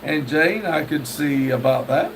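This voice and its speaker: A man's voice: a little high, expressive, measured pace. A man hosting a live stream, reading viewer messages aloud and answering them with wry jokes. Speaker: livestream host. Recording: distant mic with faint background noise.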